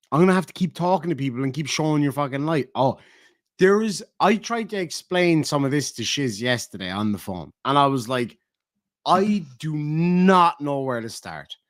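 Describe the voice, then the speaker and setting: A man's voice: mid-range voice, no echo, studio quality. A man telling a profane, sardonic story in a vlog rant. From Ireland. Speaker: YouTuber. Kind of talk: ranting vlog monologue.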